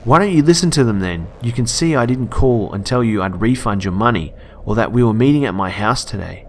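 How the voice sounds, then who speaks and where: A man voicing a frightened, indignant young woman in a storybook reading, in a high, loud, insistent voice, with an Australian accent. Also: animated, fairly quick, slight background noise, close to an everyday voice.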